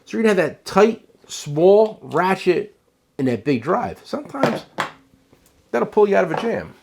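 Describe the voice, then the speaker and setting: Animated rambling jersey guy. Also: high-pitched, a little slow, vocal fry, background noise. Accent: New Jersey. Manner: animated, rambling, joking with cohost. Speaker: tool shop owner and show host. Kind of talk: casual product chat.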